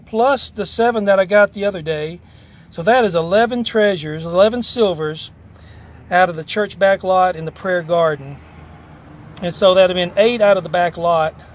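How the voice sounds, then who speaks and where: Man, high-pitched, chatty and out of breath, outdoor vlog with light background noise. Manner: folksy, chatty, many fillers. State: out of breath and overheated. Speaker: metal detecting vlogger and preacher. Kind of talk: casual outdoor vlog narration. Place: outdoors in a church back lot.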